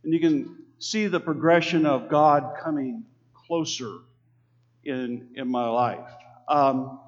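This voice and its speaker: On a dull, lo-fi recording, a man from Texas preaches slowly in a medium-pitched, fairly even voice. His manner is earnest and conversational as he has the congregation repeat his lines back.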